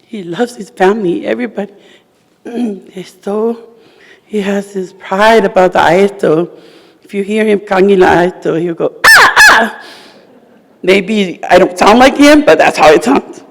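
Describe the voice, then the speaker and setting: A woman giving a eulogy for her husband at a funeral, speaking emotionally in halting, broken-off phrases. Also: medium pitch, creaky, big-room sound. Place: funeral service hall.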